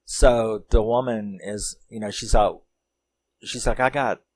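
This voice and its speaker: A man's voice: fairly low pitch, fairly even intonation, slow, a little mellow. A man reviewing a film in a casual, rambling way, often laughing and using lots of fillers.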